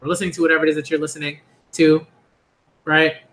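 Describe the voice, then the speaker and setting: A man rambles through a casual reaction stream, circling back on himself with likes and you-know-what-I-means. His voice sits high and bright, edging on tense. The room around him rings with echo. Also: quick pace. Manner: rambling, repetitive fillers, bursts of high laughing excitement. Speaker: manga reaction youtuber.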